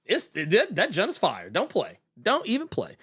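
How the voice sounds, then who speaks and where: A young man hosts a casual pop-culture podcast, and his voice swings widely in pitch as he gets worked up. He talks in slang, stumbles, restarts, and trails off. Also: wildly swooping pitch, normal speed, fairly bright tone, husky. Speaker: podcast host.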